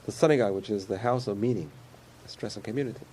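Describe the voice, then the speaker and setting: Man, mellow gravelly voice, easygoing chatty preacher with a little background hiss. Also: lowish voice, rapid-fire. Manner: conversational, repetitive, chuckles often. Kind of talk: sermon.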